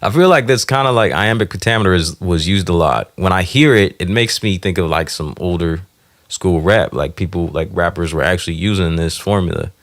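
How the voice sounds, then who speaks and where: A man's voice: sits low, brisk. A man talking casually to himself while writing a song, trying out lines and sometimes singing them. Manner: thinks aloud, sings lines over a beat. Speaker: music producer.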